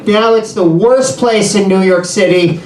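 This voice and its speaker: Doing a rambling, self-deprecating stand-up set in a bar comedy room, this man ad-libs his way through the trouble. He speaks at a measured pace in a high, slightly mellow voice. The recording is echoey, with the mic placed far off.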